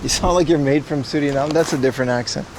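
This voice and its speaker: Amid background noise, this man speaks at a fairly high pitch and quick pace. He's a livestream host wandering outdoors on hot streets and at a shrine, chatting casually and rambling to his audience as he goes.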